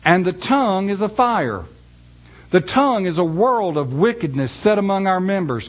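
A man with a high voice delivers a sermon: slow, emphatic scripture reading followed by a folksy story told to the congregation.

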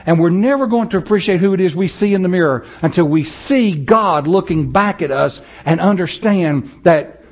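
A man preaching a sermon, moving between loud, rising passages and low, slow, soft ones, chuckling often. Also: dull audio. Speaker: pastor.

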